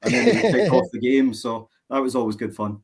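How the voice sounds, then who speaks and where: A man with a Glaswegian accent tells a story in an amused way. His voice is mid-pitched. Loud crowd noise runs behind him. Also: very animated, a little fast, vocal fry. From Glasgow, Scotland. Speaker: guest. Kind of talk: casual chat.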